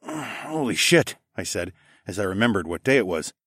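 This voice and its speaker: A man narrating a first-person story in a relaxed, expressive audiobook reading. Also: low voice, fast, no room sound, clean studio sound.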